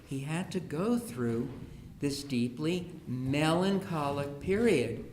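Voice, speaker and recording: A man's voice: fairly high pitch, animated, slow, a little mellow. Humorous man speaking in an echoey hall. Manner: humorous storyteller, acts out quoted children and parents. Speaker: speaker on education. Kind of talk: public talk to an audience. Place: school hall. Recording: echoey room with faint hiss.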